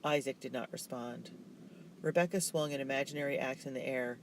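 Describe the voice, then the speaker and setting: A man narrating a children's novel in a steady, measured way. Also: medium pitch, gravelly, slight background noise, poor audio. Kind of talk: reading a children's novel aloud.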